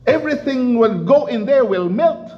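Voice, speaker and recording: A man's voice: very high-pitched, animated, moderate pace, muffled recording. A man preaching a sermon and reading scripture, emphatic and repetitive, often laughing.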